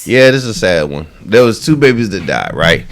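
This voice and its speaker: A man in casual podcast banter, teasing and blunt, throwing in quick asides while telling a joke. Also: fairly low pitch, very animated, very noisy. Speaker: podcast co-host.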